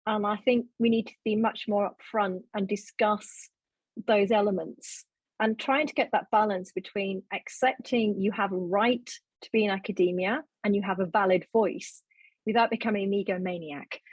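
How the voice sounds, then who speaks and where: Frank, self-mocking middle-aged woman guest; husky tone, dry close sound. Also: mid-range voice, steady tone, moderate pace, no echo, lo-fi sound. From Sheffield, England. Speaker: law professor, podcast guest. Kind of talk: casual interview chat.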